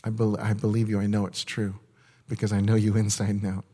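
A man speaking as a tender, hushed heavenly father. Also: on the low side, completely flat delivery, fairly quick, breathy edge. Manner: soft, hushed and reassuring. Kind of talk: prophetic word spoken as God.

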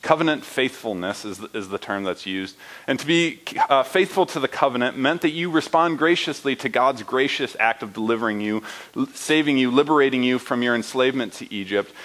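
A man's voice: medium pitch, fairly quick, fairly bright tone, rough recording. A young adult man preaching a sermon in a conversational way, often asking listeners rhetorical questions and checking in with "right?". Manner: uses fillers and "right?" often. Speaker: pastor.

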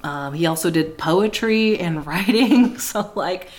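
A woman's voice: fairly low pitch, unhurried. Blunt, joking woman podcaster. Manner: joking and blunt, swears freely. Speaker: podcast co-host. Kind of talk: casual chat.

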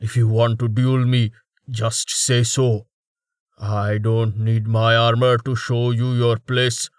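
A rude, swaggering bald fighter from a fantasy audiobook, as a man puts him on, snapping and talking down to everyone. He drawls some of his words slowly, and the recording is dry. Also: mid-range voice, little pitch movement, dry recording, close to an everyday voice. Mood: snappy. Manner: snappish and condescending. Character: arrogant bald male brawler, brash and rude.

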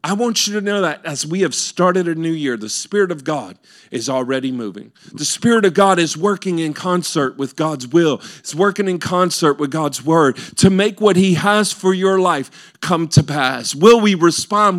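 Man, pastor, sermon, earnest, repetitive rhetorical questions, slightly raised pitch. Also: animated, moderate pace, a bit bright.

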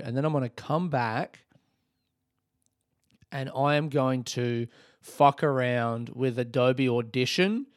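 A man's voice: medium pitch, dry recording, clean studio sound. A young Australian man hosting a casual solo podcast, rambling upbeat and swearing freely. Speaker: podcast host.

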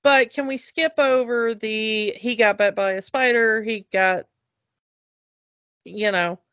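Slow, enthusiastic woman chatting. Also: fairly high pitch, fairly even intonation, fairly bright tone, clear, resonant tone, dry recording. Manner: enthusiastic, halting with many fillers and restarts. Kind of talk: casual chat. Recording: dull, lo-fi dry recording.

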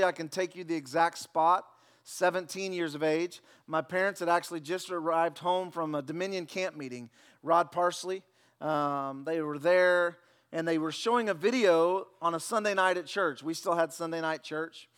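High-voiced man preaching a sermon. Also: a little fast, smooth. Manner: lively storytelling with jokes and sudden quiet drops. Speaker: pastor.

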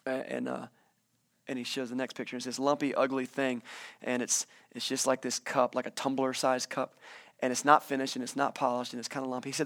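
A man's voice: medium pitch, level tone, fast talker, a bit bright. A man preaching a casual sermon as pastor, telling stories in a conversational, playful way and acting out quoted voices as he goes. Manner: playful, laughs at his own asides.

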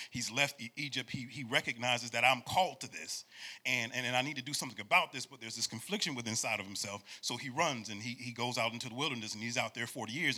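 A pastor in his forties with a medium-pitched, slightly rough voice preaches a conversational sermon. He's animated and repetitive, drifting into sing-song phrases and calling for responses from the congregation.

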